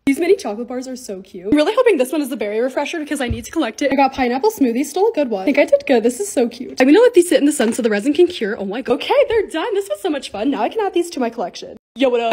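A woman's voice: high voice, a little mellow. A woman in her twenties narrating a casual lifestyle vlog, bubbly and gushing over cute things. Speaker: lifestyle content creator.

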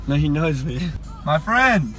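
A man's voice: fairly high pitch, sing-song, unhurried, music in the background. A young man chatting casually in a car, playfully mock-grumpy. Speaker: vlog regular, driver. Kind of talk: casual chat.

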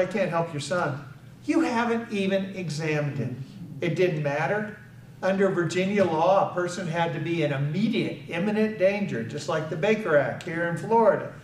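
An older man from the United States delivers an earnest, story-driven speech with a fairly high voice. He is recorded from far off, so the hall's echo carries his words, with a faint ambient hum underneath. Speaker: speaker. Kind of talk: public speech.

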